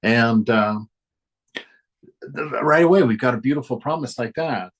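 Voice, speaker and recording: A man hosting a reading of a spiritual text, reading passages aloud and adding relaxed, gently chuckling commentary. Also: mid-range voice, measured pace, pauses often, rough recording. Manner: relaxed, chuckles between thoughts.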